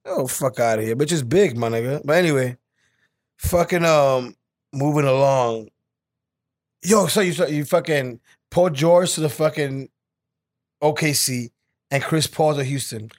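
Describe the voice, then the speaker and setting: A young New man co-hosting a podcast, needling his partner and ranting hard about sports. His voice sits fairly high for a man. He swears freely and talks in a casual, heated way. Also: unhurried, pauses often. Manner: teasing, profane, heated sports rants. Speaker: podcast co-host. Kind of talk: casual chat.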